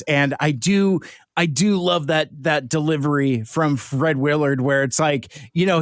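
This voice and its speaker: A man's voice: fairly high pitch, no room sound, clean studio sound. A man co-hosting a podcast, chatting casually and animatedly, laughing often. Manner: animated, laughs often, does silly voices. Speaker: podcast co-host. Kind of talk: casual chat.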